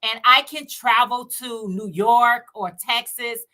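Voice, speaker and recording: Chicago woman, relaxed unhurried livestream chat, bright voice, talks to viewers directly. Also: a little high. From United States. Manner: chatty, laughs often, talks to viewers directly. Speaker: co-host filling in on a livestream. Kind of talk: casual livestream chat, reading viewer comments.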